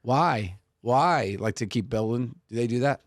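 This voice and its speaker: A man's voice: mid-range voice, level tone, quick pace, darkish tone, dry recording, clean studio sound. A man, co-hosting a podcast and telling family stories, laughing often and acting out the people he quotes. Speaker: podcast co-host. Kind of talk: casual chat, storytelling.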